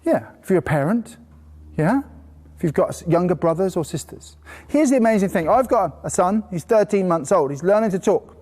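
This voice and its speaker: A man teaching a horse-training course to a live group indoors, telling lively stories and bursting into playful praise voices. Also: high-pitched, a little fast. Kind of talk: live workshop talk to a group. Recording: long hall reverb.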